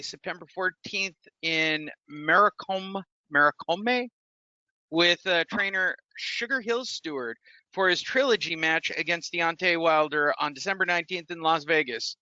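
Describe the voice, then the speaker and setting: A man with a sharp, very bright and high voice hosts a podcast, briskly steering the talk and reading out news. The sound is dull and dry, with a lo-fi feel. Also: no room sound. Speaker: podcast host.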